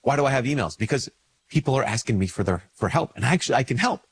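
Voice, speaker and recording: A man, a priest, talking casually to camera while congested with a cold. He slips into quick little dialogues where his voice lifts. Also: lively intonation, husky. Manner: conversational, acts out little dialogues with lifted pitch. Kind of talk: casual spoken reflection to camera.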